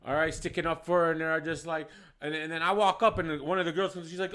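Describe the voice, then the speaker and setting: A bar owner tells an animated story, full of swearing and emphasis. His voice sits high and sounds bright and forceful, and he often laughs as he talks. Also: quick pace, hardly any pauses. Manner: profane, emphatic, laughs while telling.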